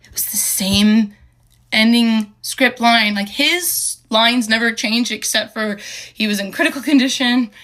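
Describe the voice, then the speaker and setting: A young woman with a fairly high, fairly bright voice shares a personal story, hesitant and halting. She restarts often and uses many fillers, sounding earnest and emotional.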